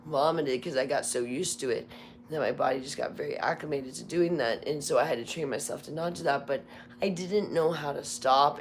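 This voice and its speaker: A woman with a hoarse, very low voice chats openly on a live stream. She rambles in a candid, confessional way. A faint hiss sits under her talk. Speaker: livestream host. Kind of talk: casual live chat. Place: Las Vegas home.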